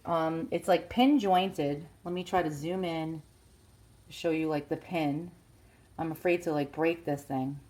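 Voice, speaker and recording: A woman with a New York accent talks in a casual, rambling way, full of "like" and "um". Her voice sits a little low. She films herself on a handheld phone, first outdoors and then at home. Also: steady tone, measured pace, a little mellow. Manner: chatty, hesitant, many fillers. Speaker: collector showing a teddy bear. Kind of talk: casual show-and-tell vlog.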